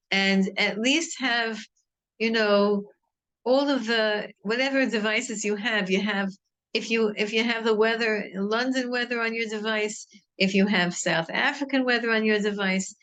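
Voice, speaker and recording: Middle-aged woman teaching torah, earnest, rambly, keeps restarting, normal pitch. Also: fairly bright tone. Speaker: rebbetzin teaching a class. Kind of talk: informal Torah talk.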